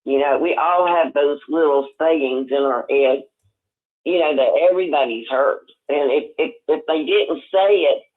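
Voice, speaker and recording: An older man calling in on the phone, talking in a rambling, halting way with many restarts. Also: fairly high pitch. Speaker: caller. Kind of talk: casual phone chat. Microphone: telephone. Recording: tinny phone line.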